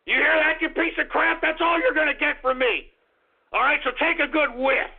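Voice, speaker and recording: A male radio host delivering an abrasive, insulting, shouting rant on his talk show. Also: very high voice, steady tone, normal speed, vocal fry. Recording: tinny phone-line sound.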